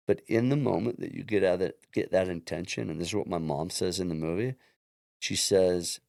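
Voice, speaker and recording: A man's voice: deep voice, a little fast, vocal fry, darkish tone, no room sound, clean studio sound. A man guest on an interview podcast, telling his own story earnestly and often restarting his sentences. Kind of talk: casual interview chat.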